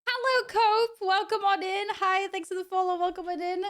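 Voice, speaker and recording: A woman's voice: very high-pitched, moderate pace, a bit bright. A woman streamer chatting casually with her audience, bubbly and apologetic with frequent giggles. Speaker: live streamer.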